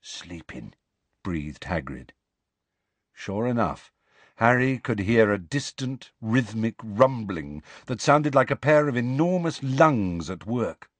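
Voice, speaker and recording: Give me an expressive male audiobook narrator, lively pitch, dry close sound. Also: takes it slowly, no echo. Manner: expressive storytelling. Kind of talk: scripted narration.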